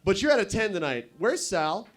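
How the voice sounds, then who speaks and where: A young man performing stand-up at a bar open mic, his voice sitting noticeably high. He rambles through crude jokes and keeps stopping to banter with the audience. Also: sing-song, fairly quick, slight background noise. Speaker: stand-up comedian.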